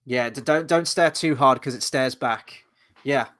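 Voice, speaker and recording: A man hosting a casual review chat, animated and rambling, swearing freely as he talks. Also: medium pitch, unhurried. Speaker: host.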